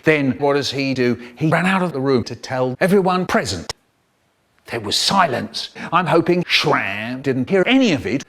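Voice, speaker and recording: A man telling a comic story in an animated, exaggerated way. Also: a little high, moderate pace.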